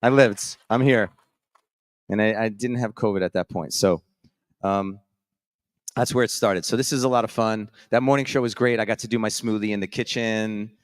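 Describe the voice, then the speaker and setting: A man's voice: fairly low pitch, fairly even intonation, moderate pace, no room sound, clean studio sound. Upbeat chatty man hosting on stage. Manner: upbeat, chatty, rambling with frequent restarts. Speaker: host. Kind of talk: live stage hosting and casual storytelling. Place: conference stage before a live audience.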